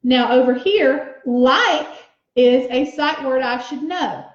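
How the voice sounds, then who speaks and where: High-voiced teacher sounding out words. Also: female voice. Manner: slow, sounds out letters and words aloud; encouraging. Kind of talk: teaching a writing lesson to young children. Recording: echoey room, slightly dull sound.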